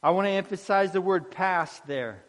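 A man preaching an earnest sermon, dropping soft on key phrases. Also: high-pitched, moderate pace, big-room sound.

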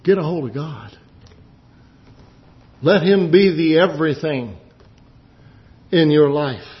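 A man's voice: fairly high pitch, slow. A man preaching a sermon, climbing to impassioned, emphatic peaks. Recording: dull lo-fi recording.

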